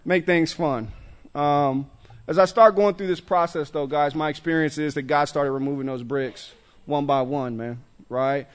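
A man's voice: a little high, fairly even intonation, normal speed, clean tone. A middle-aged man speaking casually to a recovery group, loose and conversational, with many stammered restarts and "man" tags. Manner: frequent restarts and stammered repeats. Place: meeting room with a group.

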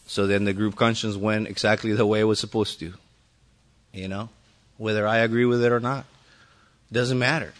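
A man's voice: fairly low pitch, level tone, moderate pace, pauses often. A man speaking at a recovery meeting, telling his own story to the group in a loose, rambling way with many fillers and restarts and some mild swearing.

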